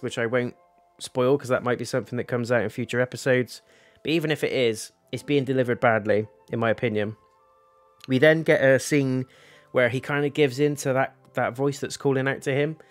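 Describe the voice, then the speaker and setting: A young man giving a casual, rambling review of a TV episode, talking candidly and swearing now and then. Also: mid-range voice.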